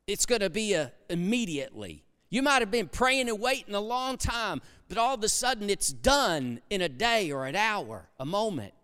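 Man preaching, high and smooth, goes soft then loud, big echoey church. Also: big pitch swings, moderate pace, hardly any pauses. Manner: swings from hushed to loud and emphatic. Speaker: pastor. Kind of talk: sermon. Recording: long hall reverb.

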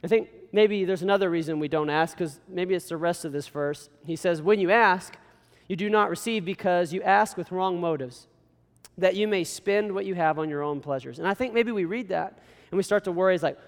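Young male pastor, high voice, earnest and exhorting, church hall with long reverb. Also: a little fast. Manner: earnest, exhorting, folksy asides. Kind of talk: sermon.

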